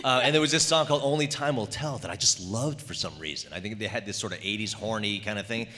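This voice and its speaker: Man in his 40s, voice actor on a panel, easygoing, bright voice, echoey hall. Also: lowish voice, quick pace, a little hiss or hum. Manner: easygoing, rambling storyteller. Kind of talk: convention panel storytelling.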